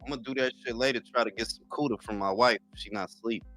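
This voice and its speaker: A man's voice: mid-range voice, quick pace, pushed and bright, soft background music. A man in his forties hosting a boxing talk livestream, chatting casually with viewers in loose, profane, joking banter. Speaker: boxing talk show host.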